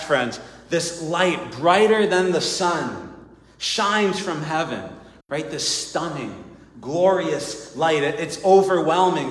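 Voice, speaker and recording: Earnest preacher in an echoey hall. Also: male voice, a little high. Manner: earnest, repeats "right?" and "friends". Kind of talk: sermon. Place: church. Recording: echoey hall with long reverb.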